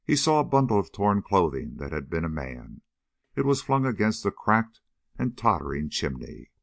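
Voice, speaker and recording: A man narrates an adventure novel in a steady, expressive reading. His voice is very low and gravelly, with lively swings of pitch. The recording is dry and close, with no room sound. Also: normal speed, dry recording. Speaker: audiobook reader.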